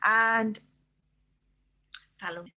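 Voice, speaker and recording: An older woman, a grandmother, telling a bedtime story in a soft, often whispered and hesitant way. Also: on the high side, steady tone, very slow.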